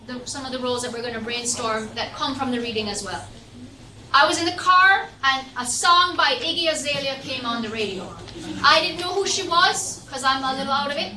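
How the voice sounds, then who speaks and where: A woman lecturer leading a classroom discussion, telling stories in a lively, chatty way. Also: sits high, noisy background. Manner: animated storytelling, chatty. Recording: echoey room from far off.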